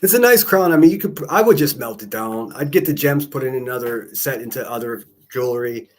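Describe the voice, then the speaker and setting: A man chats on a livestream at an ordinary mid pitch. He rambles from one thing to the next, swearing freely and dropping jokey asides. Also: lively intonation, brisk. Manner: rambling, profane, joking asides. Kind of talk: casual livestream chat.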